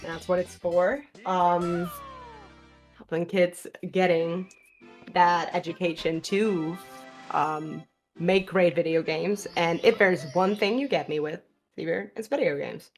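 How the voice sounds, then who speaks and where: A woman with a slight lisp commentating a live speedrun stream from a booth, chatty and quick to laugh. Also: lowish voice, fairly even intonation, faint music behind. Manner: chatty, laughs often, restarts phrases.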